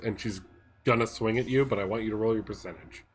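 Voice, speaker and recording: A man's voice: on the low side, steady tone, brisk, fairly bright tone, soft background music. A man running a tabletop role-playing game as game master, narrating events and calling for dice rolls, often breaking into laughter.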